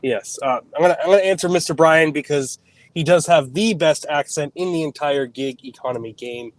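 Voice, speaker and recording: A man working as a delivery driver, chatting casually on a livestream in a halting, hesitant way. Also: a little high, no room sound. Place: out on delivery runs.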